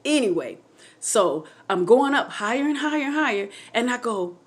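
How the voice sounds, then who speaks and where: A woman telling her own near-death story to her viewers in an animated, excitable way, speaking straight to them with faith and feeling. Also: on the high side, moderate pace. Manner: testimonial, faith-filled. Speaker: channel host telling a personal story. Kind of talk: emotional personal storytelling.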